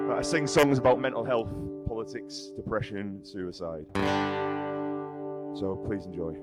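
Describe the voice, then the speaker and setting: A man's voice: lowish voice, fairly even intonation, slow pace, pauses often, loud music behind the voice. Sweary man with a Northeast English accent. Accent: Northeast England. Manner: sweary, giggly, self-deprecating. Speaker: singer-songwriter performer. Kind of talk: casual stage banter. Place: live music venue, indoors.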